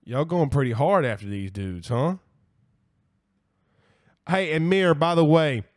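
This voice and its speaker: A man with a slightly high-pitched voice hosts a casual sports live stream. He talks bluntly and repeats himself for emphasis. His delivery is animated, and now and then he curses and apologizes for it. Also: unhurried, long pauses. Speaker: host of a college football show. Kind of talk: casual live-stream chat reading viewer comments.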